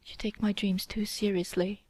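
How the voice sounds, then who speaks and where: A woman's voice: medium pitch, little pitch movement, normal speed, darkish tone, no echo, natural voice. A woman voicing a pleading, lovesick young man in an audiobook, speaking emotionally. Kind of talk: audiobook character reading.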